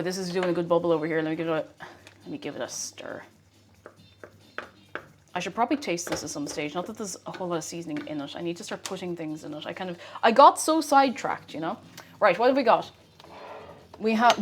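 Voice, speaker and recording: A young woman streamer chatting casually and rambling while she cooks, with frequent exclamations. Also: fairly low pitch. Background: faint music.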